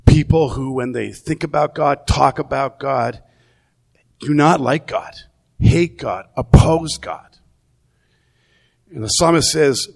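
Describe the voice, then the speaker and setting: Slow, gravelly-voiced male preacher. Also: mid-range voice. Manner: conversational, repeats words while thinking. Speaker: pastor. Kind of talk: sermon.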